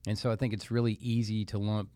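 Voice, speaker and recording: Reflective low-voiced male co-host. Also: flat delivery, fast talker, warm tone. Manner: reflective, thinks aloud with light laughs. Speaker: podcast co-host. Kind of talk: casual podcast conversation.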